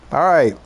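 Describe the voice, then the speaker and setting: A little high and gravelly, slightly rough, this man's voice carries a Southern accent from Louisiana. In his forties, he hangs out with chat while playing a game, laid-back and laughing frequently.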